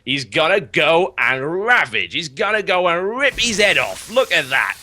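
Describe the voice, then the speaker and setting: A man putting on a Cockney accent, playing a cheeky, excitable man egging on a fight. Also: fairly high pitch, a little slow, slight background noise, heavily acted. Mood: cheeky excited. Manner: excitable, cheeky, shouting encouragement.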